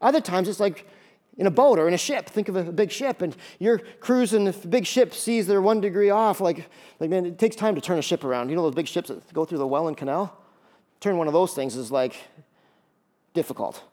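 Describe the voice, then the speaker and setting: A male pastor giving a conversational sermon with jokey asides and lively emphasis. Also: high-pitched, brisk.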